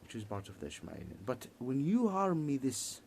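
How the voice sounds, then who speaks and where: A man giving a heated political monologue in halting, repetitive English, restarting his sentences often. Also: medium pitch, huge pitch swings, gravelly, darkish tone, a little hiss or hum.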